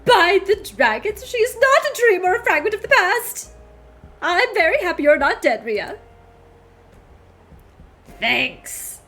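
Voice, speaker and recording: A woman's voice: sits high, very animated, slow, pauses often, fairly bright tone, breathy edge, exaggerated voice. A woman voicing a weepy, overdramatic young man who clings to his friend, reading game dialogue aloud with theatrical outbursts. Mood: tearful, melodramatic. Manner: theatrical, wailing, breathless outbursts.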